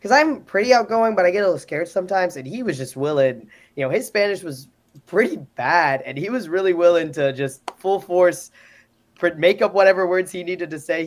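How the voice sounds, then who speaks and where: Speaking a little fast in a slightly high voice, this exchange student guest on a live panel chats casually. His storytelling is animated, and he acts out people's quotes.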